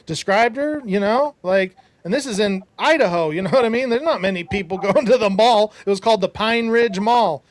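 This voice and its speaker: Male podcast host, high register, emphatic storyteller, dry close sound. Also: lively intonation, fairly quick, hardly any pauses, dry recording. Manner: emphatic, preachy asides to listeners. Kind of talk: casual storytelling.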